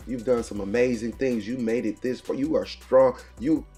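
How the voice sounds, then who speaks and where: A man's voice: medium pitch, steady tone, normal speed, mellow, soft background music. Preachy motivational man, punchy cadence. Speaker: motivational morning show host. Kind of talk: motivational talk.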